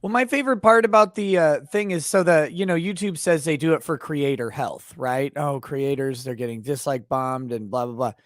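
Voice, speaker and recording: A middle-aged man hosts a live stream in a slightly high voice that sounds dry and close to the mic. He reads viewer comments aloud, jokes with his guests and laughs easily. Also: moderate pace, few pauses, dry recording. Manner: joking, laughs often, reads chat aloud. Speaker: livestream host. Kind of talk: casual live commentary, reading chat.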